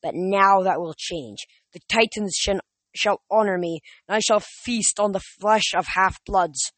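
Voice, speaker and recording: A reader voicing a gloating villainous male monster with a French accent, slow and sneering, in a dry recording. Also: sits high, fairly bright tone, dry recording.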